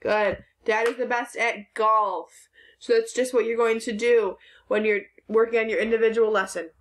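A woman's voice: fairly high pitch, fairly even intonation, normal speed. A woman teaching a recorded phonics lesson to children, patiently sounding out letters and words.

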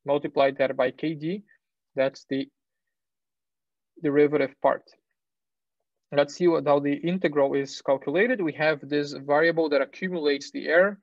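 A man lecturing on engineering in a fairly high voice, stepping through ideas with fillers, self-corrections and the odd "right?". The sound is dry and close, with a dull, lo-fi tone like a classroom recording. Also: steady tone, moderate pace, long pauses, no echo. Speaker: university lecturer. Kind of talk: technical lecture.

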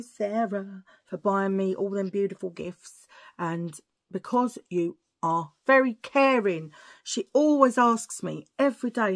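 A woman's voice: mid-range voice, measured pace. A woman chatting casually to her viewers in a rambling way, often murmuring to herself. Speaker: vlogger. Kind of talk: casual chat to camera.

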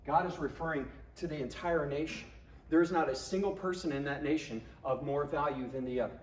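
A man's voice: fairly high pitch, expressive, normal speed, bright, forceful tone. A male pastor preaching a sermon, emphatic and acting out scripture quotes in different voices. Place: church sanctuary. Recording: echoey church room.

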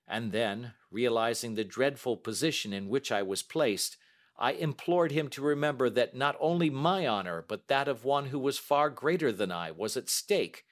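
A man narrating a story for English learners at a measured, deliberate pace. His voice sits at an ordinary middle pitch. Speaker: story reader.

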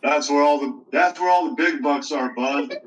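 A man's voice: fairly high pitch, normal speed, far from the mic, a little hiss or hum, close to an everyday voice, poor audio. A man voicing a friendly male pig puppet who talks in a matey way and calls everyone bud. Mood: chummy.

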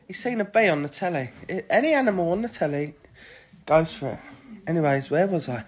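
A man's voice: fairly high pitch, animated, a little fast. A man chatting casually to his phone camera, sentimental and jokey. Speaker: TikTok vlogger.

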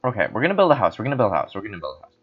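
A man's voice: lowish voice, huge pitch swings, racing, breathy edge, faint music behind. A man from the Philippines giving jokey, erratic gaming commentary while tipsy on wine, breaking into sudden screams. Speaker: gaming host. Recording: dull lo-fi recording.

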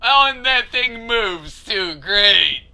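Frustrated gamer man, slow and bright. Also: sits high, lively intonation, vocal fry. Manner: frustrated, laughing, cursing rants. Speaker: let's play gamer. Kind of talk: gameplay commentary.

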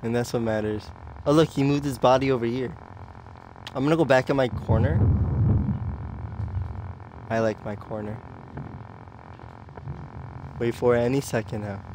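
A young man streaming a horror game, chatting casually with viewers, anxious and excitable. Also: mid-range voice, moderate pace, pauses often, noisy background. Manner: anxious, excitable, talks to chat. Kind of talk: casual live-stream commentary.

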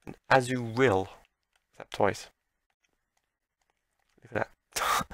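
Gravelly excitable gaming commentator man. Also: medium pitch, slow pace, long pauses. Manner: excitable, talks back at the game. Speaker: let's play commentator. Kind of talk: gameplay commentary.

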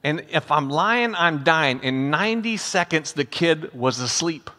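A man's voice: on the high side, lively intonation, a little slow, pushed and bright. An older man preaching a storytelling sermon as a pastor, speaking conversationally and calling his listeners friends. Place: church sanctuary. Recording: long hall reverb in a church.

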